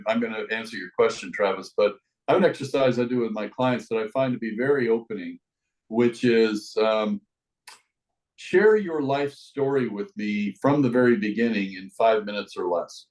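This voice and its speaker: A man's voice: mid-range voice, normal speed, a little mellow, low-quality recording. A middle-aged American man, a life coach, talking in an expansive, reflective way as a guest on a podcast interview. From United States.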